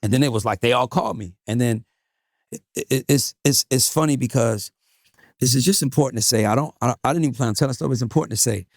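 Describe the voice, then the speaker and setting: A man being interviewed, telling stories in an emphatic, animated, profane way. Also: medium pitch, fast, gravelly, dry recording, clean studio sound. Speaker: music manager guest. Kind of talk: casual interview storytelling.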